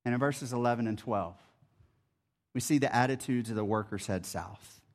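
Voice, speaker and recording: Speaking at normal speed in a mid-range voice, a pastor explains a Bible passage verse by verse. He preaches his sermon in an animated, conversational manner.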